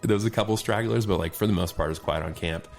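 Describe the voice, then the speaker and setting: A man, a podcast guest, telling casual anecdotes in an animated way and often laughing between them. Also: on the low side, quick pace, soft background music. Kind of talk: casual storytelling chat.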